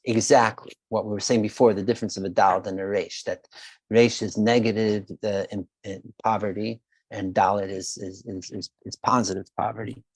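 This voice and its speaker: This man teaches a Torah class online, mixing Hebrew terms into his speech and often halting to repeat himself while hunting for a phrase. His voice is lowish and flat with a breathy edge, and the recording has no echo.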